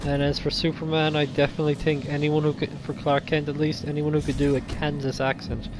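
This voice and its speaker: A man's voice: a little high, monotone, a little fast, noisy background. A man chatting casually about his game ideas, rambling and thinking aloud, restarting sentences as he goes. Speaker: video game fan vlogger.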